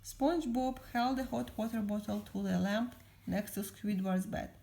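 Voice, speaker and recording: A mother reading a storybook aloud to her child in a calm, unhurried way. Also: medium pitch, vocal fry.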